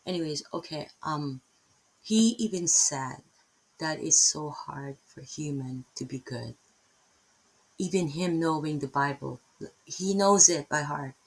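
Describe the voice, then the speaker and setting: A woman giving an informal Bible lesson, rambling with many pauses and tag questions. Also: sits low, slightly rough, poor audio. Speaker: Bible teacher.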